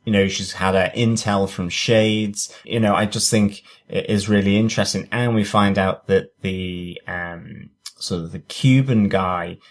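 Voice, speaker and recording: A man co-hosting a podcast, enthusiastic but halting, with many pauses. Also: sits low, fairly even intonation. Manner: enthusiastic, hesitant, many fillers. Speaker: podcast co-host. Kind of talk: casual review chat.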